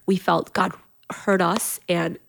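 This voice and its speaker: Gravelly-voiced woman telling a family story. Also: fairly low pitch, slow. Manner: emotional, animated storytelling with fillers. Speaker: podcast guest. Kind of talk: personal storytelling.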